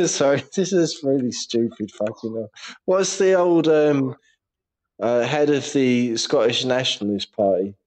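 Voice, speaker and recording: Giggly man, slow-talking. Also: medium pitch, expressive, darkish tone. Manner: giggly, laughs often between sentences; swears casually. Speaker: podcast co-host. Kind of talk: casual chat.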